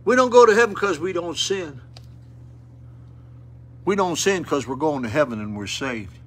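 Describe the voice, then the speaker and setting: A man's voice: a little high, lively intonation, normal speed, pauses often, a bit bright, breathy edge. An older man preaching a sermon at a rescue mission, plain-spoken and folksy with fervent appeals, in an auditorium.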